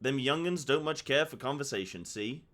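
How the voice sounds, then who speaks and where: A man speaks for a talkative merchant met aboard a ship in a game. The delivery is bright and animated. It stays in the reader's natural voice, with no accent put on. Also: mid-range voice, moderate pace, lightly acted. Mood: friendly. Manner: reading game dialogue aloud in his own voice. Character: chatty male merchant on a ship.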